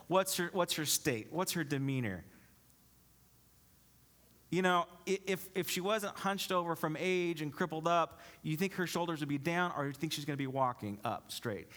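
A man's voice: a little high, normal speed, fairly bright tone. Man preaching a sermon, questioning the room. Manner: reads scripture aloud, then explains it with rhetorical questions. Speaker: pastor. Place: church.

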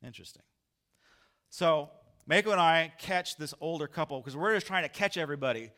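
A male pastor telling a story in a sermon, animated and acting out his own lines loudly. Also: on the high side, a little fast.

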